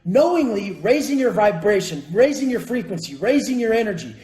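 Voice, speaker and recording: Young man, very high voice, blunt profane storyteller, echoey room. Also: very animated, fairly quick, a little mellow. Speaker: vlogger. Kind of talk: casual storytelling.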